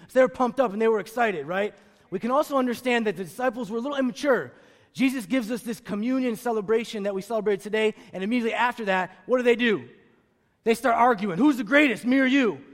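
High-voiced man preaching with call-and-response. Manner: emphatic, repeats key phrases. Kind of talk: sermon. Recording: long reverb of a large room.

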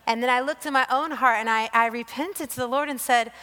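A woman preaches a sermon in a high, bright voice, earnest and emotional as she tells her own story. She often repeats phrases for emphasis. Her voice rings with the long reverb of a large hall. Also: a little fast. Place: church or hall with staff present.

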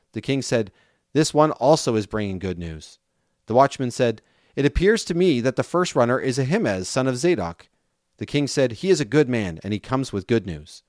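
A man reading a scripture passage aloud with a measured, steady delivery. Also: medium pitch, no room sound, studio quality. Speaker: scripture reader.

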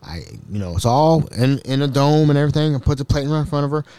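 A man hosting a podcast, telling stories in an animated, repetitive, exasperated way. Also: mid-range voice, quick pace, clear, resonant tone, no echo. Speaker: podcast host. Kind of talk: casual storytelling.

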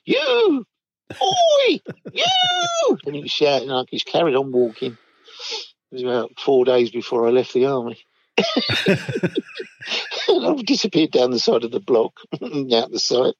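An older man casually tells stories from his army days, chuckling often and acting out the voices of people he quotes. His voice is medium-pitched, and the recording is dull and dry with no echo.

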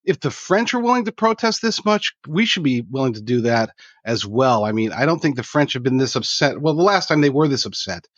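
A man joins remotely as a guest commentator, pressing his opinions emphatically at an average pitch. His voice sounds dull and lo-fi. The call audio is dry, with no room sound. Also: no echo. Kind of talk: remote interview.

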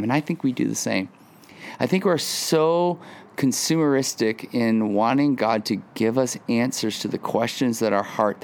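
A man preaching a sermon as pastor, earnest, rising into high pleading lines and dropping to quiet, hushed words. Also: creaky. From Southern California. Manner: earnest, rising to high emphatic pleas, dropping to soft near-whispers.

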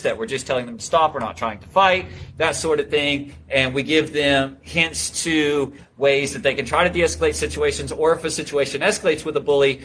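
A man's voice: medium pitch, bright, forceful tone, a little hiss or hum. A man who teaches martial arts, talking earnestly in a casual interview with many restarts. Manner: earnest, storytelling, frequent restarts.

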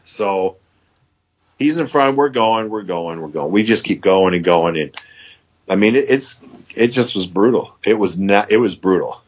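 A man's voice: fairly low pitch, animated, unhurried, long pauses, husky, dull audio. A man in his fifties from Michigan, a podcast guest telling a long story in a rambling, casual way and quoting what others said. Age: 50s. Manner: rambling, quotes others with "he goes".

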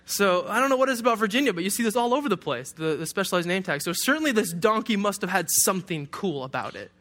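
A man's voice: high voice, animated, quick pace, fairly bright tone. A young man from Detroit preaching a sermon to a congregation, conversational and humorous, with playful asides. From Detroit, USA. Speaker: pastor.

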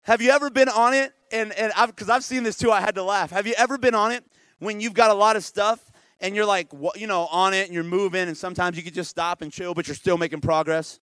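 A male pastor preaching a lively, conversational sermon who often checks in with the congregation. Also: sits high, fast, smooth, dry recording.

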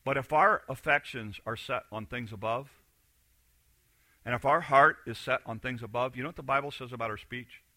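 A man preaching a sermon as pastor, swinging between loud emphatic lines and quiet, confiding asides. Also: mid-range voice, normal speed, no echo.

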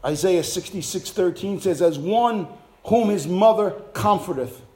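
A man delivering a sermon in a high voice. He drops to a hush for tender passages, then climbs and shouts at the peaks. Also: unhurried. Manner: swings from soft hushed lines to loud shouted climaxes. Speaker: preacher.

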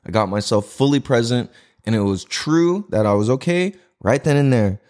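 A man hosting his own podcast at home, talking casually to the mic in a slangy, profane, animated way. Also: mid-range voice, moderate pace. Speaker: podcast host. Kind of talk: casual solo podcast monologue. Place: indoors in a house. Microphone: podcast mic with cameras recording.

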